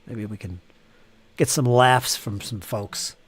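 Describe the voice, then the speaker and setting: A man's voice: mid-range voice, slow, slightly rough, faint music behind. A man hosting a live painting stream, chatting casually and teasing viewers as he reads their comments aloud. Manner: joking, teasing chatter with frequent laughs.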